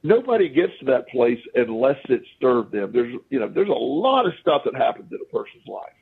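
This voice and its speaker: Man, podcast guest, gravelly husky voice, tinny phone-line sound, animated storyteller. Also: mid-range voice, brisk. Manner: animated storyteller who acts out quoted speech. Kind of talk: casual anecdotal storytelling.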